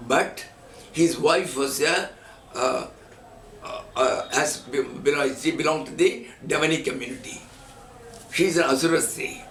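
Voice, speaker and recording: A man's voice: a little high, fairly bright tone. A man giving a spiritual teaching talk as a swami, telling stories and chanting Sanskrit verses as examples. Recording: echoey room from far off, faint noise.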